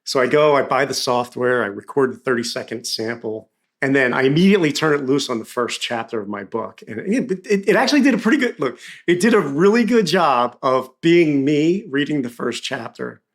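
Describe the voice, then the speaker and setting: A man's voice: medium pitch, normal speed. A man with a Philadelphia accent, a podcast guest telling stories in casual conversation and acting out quoted dialogue. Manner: animated storyteller, acts out quoted dialogue.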